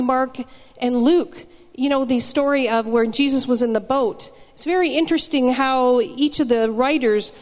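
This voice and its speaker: High-voiced chatty woman preaching in a hall. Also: darkish tone. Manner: chatty, storytelling, with frequent restarts. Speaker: church speaker. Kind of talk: casual spoken sermon.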